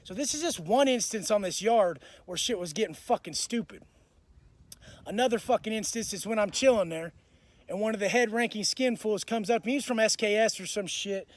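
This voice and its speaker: A man telling rough stories in a blunt, swaggering, heavily cursing way, often restarting and repeating words as he gets worked up. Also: high voice, fairly quick. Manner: blunt, profane, swaggering street talk. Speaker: vlogger recounting prison life. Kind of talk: casual storytelling monologue.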